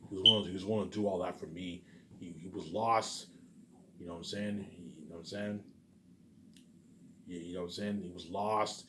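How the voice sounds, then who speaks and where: Over a noisy background, a man with a low voice and fairly even intonation talks fairly quickly, leaving long pauses. He's a channel host rambling alone to his viewers, cursing, grandiose and emphatic, returning again and again to "obviously" and "you know what I'm saying."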